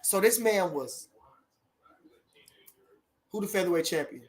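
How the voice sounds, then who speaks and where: A middle-aged man hosting a casual livestream, animated and repeating catchphrases as he chats. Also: high voice, a little slow. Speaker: livestream host.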